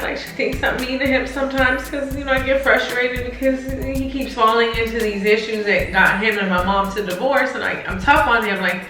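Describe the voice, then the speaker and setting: A woman co-hosting a channel, talking about a painful family topic in a halting, tearful way, often repeating words and addressing viewers directly. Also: fairly high pitch, steady tone, pushed and bright, heavy reverb, recorded from a distance, soft background music. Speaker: co-host. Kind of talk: emotional personal talk to viewers.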